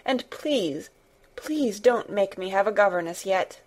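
A woman voicing an anxious, eager little girl who speaks in a halting, tremulous way. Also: medium pitch, lively intonation, a little mellow. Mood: pleading.

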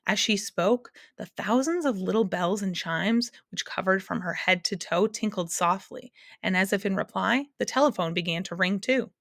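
A woman's voice: mid-range voice, normal speed, hardly any pauses, a bit bright, no room sound, studio quality. Woman reading a storybook aloud. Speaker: narrator.

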